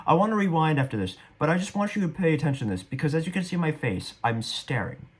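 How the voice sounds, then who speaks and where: A man's voice: on the high side, lively intonation, brisk, husky. A young man giving casual, rambling commentary on his own stage performance, a bit self-deprecating. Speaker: actor reviewing his performance.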